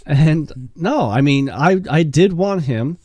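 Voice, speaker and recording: A man co-hosting a casual sports podcast, talking in a rambling, halting way with many restarts. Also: fairly high pitch, animated, darkish tone, dry recording, clean studio sound. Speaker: podcast co-host.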